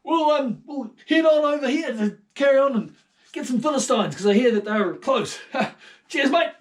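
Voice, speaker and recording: A man voicing an apologetic old king, loud, high and matey. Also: animated, moderate pace, recorded from a distance. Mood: sorry.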